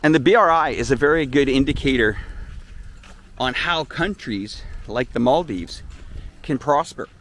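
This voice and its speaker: A man hosting a live-stream tour, chatting in an animated, storytelling way from outdoors at a beach resort. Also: mid-range voice, a little slow. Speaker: vlogger host.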